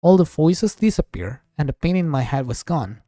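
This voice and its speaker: For his stream, a man gives a slow, expressive dramatic reading of a visual novel, voicing several characters and taking his time over every line. His pitch moves widely as he switches between narrator and characters. His soft, mellow voice is captured close and dry, with no room sound.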